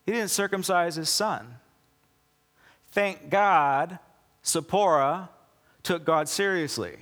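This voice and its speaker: In a large hall, a male pastor delivers a slow, conversational sermon full of sarcastic asides. He acts out quoted lines in a lower, softer voice.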